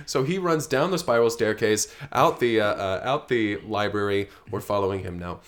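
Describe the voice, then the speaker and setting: A man's voice: fairly low pitch, lively intonation, normal speed, few pauses. A man improvising a comedy story, stammering and repeating words.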